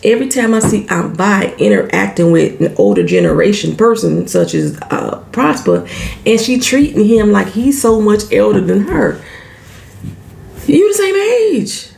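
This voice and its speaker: A woman's voice: mid-range voice, wildly swooping pitch, normal speed, vocal fry, darkish tone. A woman recapping a TV show in a casual, salty vlog, swearing freely and acting out the characters' lines.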